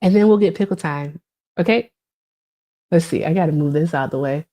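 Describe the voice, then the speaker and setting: A woman's voice: low-pitched, fairly quick, mellow. A woman in her thirties chatting casually on a live stream, reading and answering viewer comments, with many fillers.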